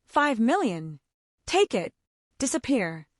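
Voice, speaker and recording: A woman voicing a calm, protective male executive who speaks firmly and in a measured way. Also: fairly high pitch, dry recording, clean studio sound, full character voice. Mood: threatening. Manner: firm, cool and measured.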